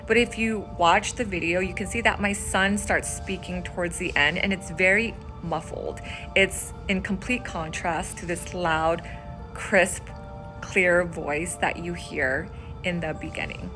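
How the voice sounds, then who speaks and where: A woman's voice: lowish voice, steady tone, measured pace, music in the background. A mother earnestly telling about a strange video she recorded, explaining carefully. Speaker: mother sharing a personal video. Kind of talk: earnest storytelling to camera.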